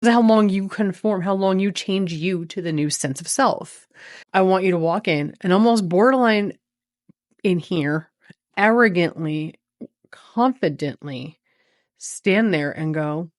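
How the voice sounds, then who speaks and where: Casting note: woman, lower register, dry close sound, lively storyteller who plays out both sides of a chat. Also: a little slow, no echo. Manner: animated, acts out both sides of a conversation. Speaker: vlogger. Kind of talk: casual storytelling monologue.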